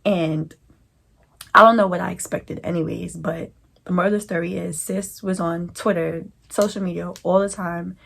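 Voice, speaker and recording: Gravelly New woman telling a story. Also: fairly low pitch, moderate pace. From New York. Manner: animated, slangy storytelling. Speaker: vlogger. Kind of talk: storytime vlog.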